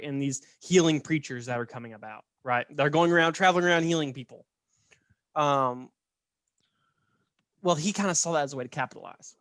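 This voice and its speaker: A man's voice: on the high side, fairly bright tone, no room sound, clean studio sound. A man casually telling a story on a podcast, chatty and laughing, often checking in with "right?". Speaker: podcast host.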